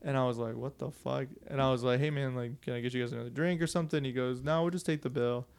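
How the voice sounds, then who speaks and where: A man's voice: medium pitch, steady tone, quick pace, vocal fry, clean tone. A young man telling a story on a podcast in a loose, profane way, laughing often. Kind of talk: casual storytelling chat.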